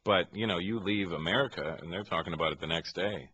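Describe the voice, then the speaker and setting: Male comic guest, lively and chatty, low-pitched with a bright edge, studio interview. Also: fast, husky, dry recording. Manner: animated, laughing, mimics accents. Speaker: comedian guest. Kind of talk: casual radio interview. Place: radio studio.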